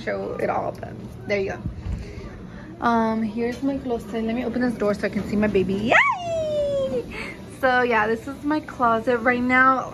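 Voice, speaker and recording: A woman's voice: a little high, slight background noise, rough recording. A young woman vlogging at home as a mom, chatting casually, cursing offhand and slipping Spanish words into her talk, filmed on her phone. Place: at home, indoors and in the yard. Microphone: phone camera.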